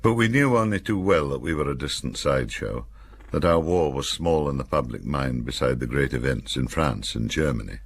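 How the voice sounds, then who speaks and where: A man's voice: rumbling low, expressive, normal speed, a little hiss or hum. An older man from Cumbria, reading his own memoir as an audiobook with wry, dry-humoured storytelling.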